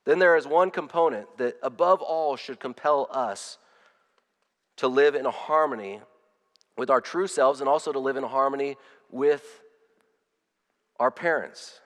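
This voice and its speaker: A man's voice: medium pitch, measured pace, pauses often, a bit bright, long reverb tail. A man preaching a sermon as pastor, earnest, often repeating words and restarting his phrases.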